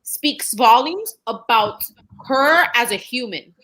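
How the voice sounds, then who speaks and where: Woman on a podcast making her points one by one, bright sharp voice, kinda high. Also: lively intonation, slow pace, slight background noise. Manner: emphatic, lays out points one by one. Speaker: podcast co-host. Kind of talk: casual chat.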